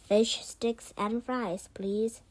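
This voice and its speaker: A woman's voice: a little high, fairly even intonation, drawn-out words, a little mellow. A woman reading the lines of a friendly man eating lunch in a park, in an easygoing way. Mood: amused.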